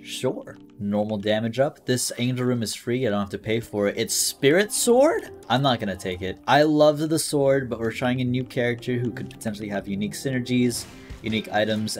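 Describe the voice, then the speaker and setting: A man giving casual, excitable commentary while playing a video game, thinking aloud and reading item descriptions. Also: fairly low pitch, a little fast. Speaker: gaming YouTuber. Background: game music.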